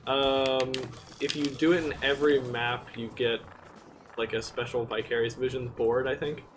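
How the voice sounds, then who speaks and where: A man's voice: medium pitch, level tone, moderate pace, noisy background. A man playing a video game on a live stream, chatting casually and laughing often. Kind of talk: casual gaming chat.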